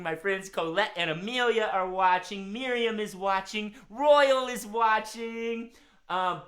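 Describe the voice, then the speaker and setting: A man's voice: high voice, pushed and bright. A man hosting a live-streamed children's music show, talking cheerfully straight to young viewers.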